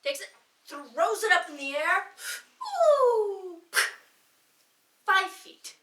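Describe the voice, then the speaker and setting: Woman, high voice, bright tone, giggly rambling joke teller, distant mic, echoey room. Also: measured pace. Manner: giggles through her own jokes, rambling with fillers. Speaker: joke teller at a bardic circle. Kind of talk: casual live joke telling. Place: indoor gathering room with listeners. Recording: roomy echo, voice from a distance.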